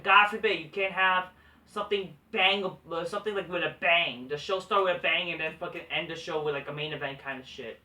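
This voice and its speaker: A man's voice: fairly high pitch, pushed and bright, far from the mic. A man hosting a wrestling review vlog, ranting with heavy profanity and frequent restarts. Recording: echoey room, voice off-mic.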